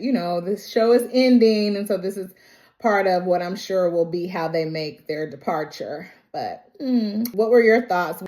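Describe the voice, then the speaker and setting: A woman's voice: medium pitch, a little mellow. A woman vlogger recapping a TV episode in a casual, slangy way, laughing often.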